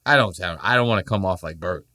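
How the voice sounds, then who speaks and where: A man's voice: sits low, quick pace. A man hosting a casual podcast, joking, swearing freely and acting out quoted voices. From Puerto Rico heritage. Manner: profane, animated, jokey, acts out quoted voices. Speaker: podcast host.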